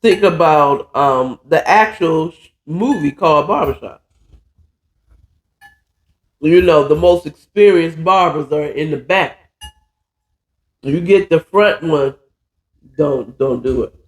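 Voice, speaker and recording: Male podcast host, easygoing story recap, talks slowly, recorded in an echoey room. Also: on the high side. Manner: loose and digressive, with side comments and swearing. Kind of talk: casual retelling of a novel chapter. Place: alone in a room.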